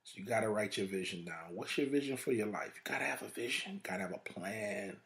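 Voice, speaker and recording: A man's voice: fairly low pitch, animated, fast, gravelly, a bit bright. A man hosting a podcast, giving a motivational talk in a preacher-like way, with long repeated lists and rhetorical questions. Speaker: podcast host.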